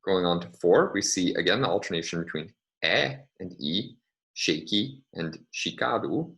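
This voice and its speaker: A man's voice: deep voice, lively intonation, brisk, fairly bright tone, rough recording. A man giving a recorded linguistics lecture, thinking aloud with frequent fillers as he works through examples.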